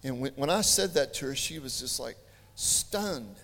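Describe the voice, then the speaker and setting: A man preaching a sermon, telling stories in an animated, chatty way with joking asides. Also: mid-range voice, normal speed. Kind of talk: storytelling sermon. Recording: long hall reverb.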